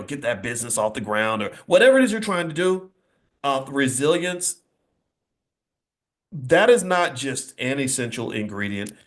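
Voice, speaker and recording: A middle-aged man giving a motivational speech to a live audience in an indoor venue, emphatic and repetitive, with a preacher-like rhythm. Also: mid-range voice. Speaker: motivational speaker.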